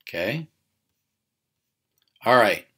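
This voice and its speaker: Male teacher, lowish voice, recorded spelling lesson, repeats words, frequent "okay?" check-ins. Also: big pitch swings, drawn-out words, a bit bright, husky.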